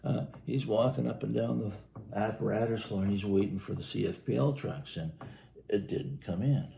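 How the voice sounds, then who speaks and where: A man's voice: on the low side, brisk, gravelly, dark tone, a little hiss or hum. A man, co-hosting a podcast and telling firehouse stories in a rambling, chuckling way. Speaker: podcast co-host, firefighter telling station stories. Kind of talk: casual storytelling chat.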